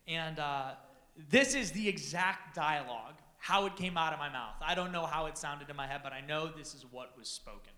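A man telling a comic personal story to an audience, animated and self-deprecating, acting out the dialogue. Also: a little high, moderate pace, echoey room. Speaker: speaker addressing an audience.

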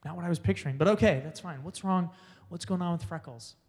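A man telling a comic personal story to an audience, animated and laughing along as he goes. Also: fairly high pitch, fast talker, big-room sound. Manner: animated, laughs through his own story.

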